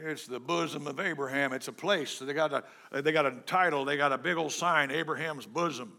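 A pastor preaching a sermon in a joking, conversational way, swinging between loud and soft. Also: male voice, on the high side, a little fast, creaky.

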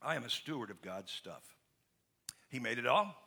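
A man's voice: mid-range voice, big pitch swings, moderate pace, bright, forceful tone, breathy edge. A man pastor preaching a sermon in an emphatic, conversational way, asking the congregation to finish his questions. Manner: emphatic and conversational, with frequent restarts.

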